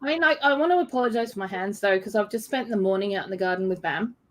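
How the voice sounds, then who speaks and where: A woman's voice: mid-range voice, fast talker. A woman co-hosting a casual live-stream chat, teasing viewers playfully and laughing often.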